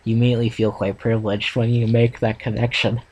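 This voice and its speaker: A man reading a second-person fan story aloud for a reaction video, steady with small restarts. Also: medium pitch, fast, breathy edge, highs cut off. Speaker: fan fiction reader.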